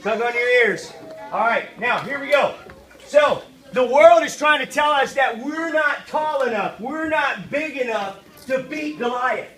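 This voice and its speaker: In a church kids' meeting room, a children's minister runs an energetic Bible lesson, calling for the children to repeat lines and join in. Her voice sits high at a measured pace. The echoey room places her at a distance, with loud crowd noise and children responding throughout.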